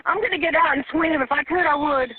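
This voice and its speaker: Over a tinny phone line, a panicked woman calls 911, crying, stammering and pleading for emergency help. Her voice is high and fast, recorded dry.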